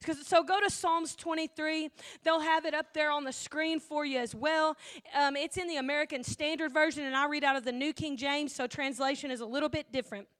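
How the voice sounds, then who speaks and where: Middle-aged Southern woman, high voice, slight twang, casual church devotion speaker. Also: fairly even intonation, brisk. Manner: chatty and warm, rising to fervent emphasis.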